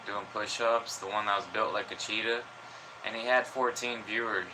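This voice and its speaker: A man's voice: lowish voice, steady tone, moderate pace, noisy background. A man rambling through crude, joking late-night commentary as a streamer.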